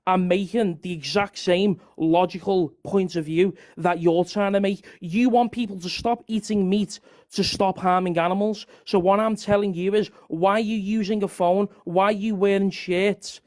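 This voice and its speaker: High-pitched man, heated debater who rambles and keeps repeating his point. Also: steady tone, moderate pace, a little mellow. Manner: argumentative, rambling, repeats himself.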